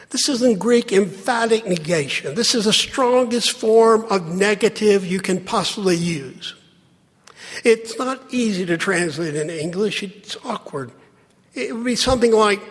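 A man preaching a sermon, with dramatic pauses and lines that drop to a hush. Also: high-pitched, lively intonation, breathy edge. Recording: long hall reverb.

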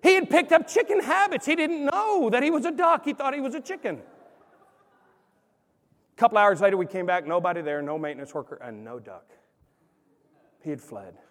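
High-voiced animated preacher in a hall. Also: male voice, fairly quick, long pauses. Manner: animated storyteller, acts out quotes. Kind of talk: sermon with storytelling. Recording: long hall reverb.

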